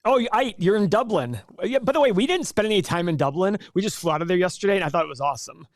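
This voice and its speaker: A man's voice: high-pitched, expressive, quick pace, no echo, clean studio sound. A man in his forties hosting a casual livestream, chatting loosely and reading viewer comments aloud. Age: 40s. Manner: chatty, rambling, reads chat aloud. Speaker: livestream host.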